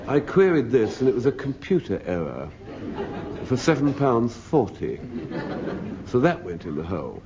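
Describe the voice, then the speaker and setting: Heard through faint hiss on a dull 1970s radio recording, a middle-aged man with a dark, mid-range voice delivers a droll comic story. He's a panelist on a radio panel show, performing in a studio with an audience.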